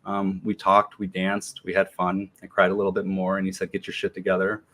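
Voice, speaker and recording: A man in his forties, a podcast guest, telling a personal story in a relaxed, slangy way with many ums and restarts. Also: sits low, normal speed. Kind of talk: casual storytelling interview.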